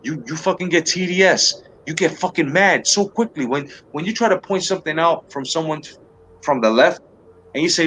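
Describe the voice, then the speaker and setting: A man's voice: a little high, animated, a little fast, a bit bright, a little hiss or hum. A man hosting a live talk stream, ranting heatedly and profanely, with many restarts and repeated words. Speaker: livestream talk show host. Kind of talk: heated political rant to a live chat.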